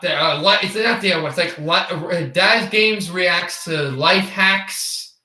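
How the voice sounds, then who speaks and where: Young guy from the states doing hockey play-by-play, stumbly and repeats himself, bright highish voice, echoey room. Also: a little slow. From United States. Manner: stammering, repeats words and restarts often. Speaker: livestream hockey commentator. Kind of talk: casual play-by-play commentary.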